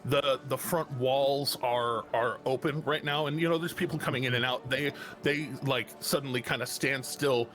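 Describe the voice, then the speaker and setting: A man's voice: medium pitch, fairly even intonation, normal speed, few pauses, fairly bright tone. Rambling man running a tabletop game. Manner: rambling, full of uh and restarts, chuckling. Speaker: game master.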